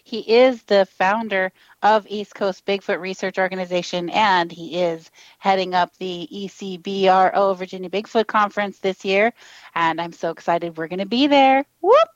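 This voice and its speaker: A woman's voice: medium pitch, normal speed, no echo, lo-fi sound. A woman hosting a casual radio talk show, bubbly and laughing often, chatting with callers.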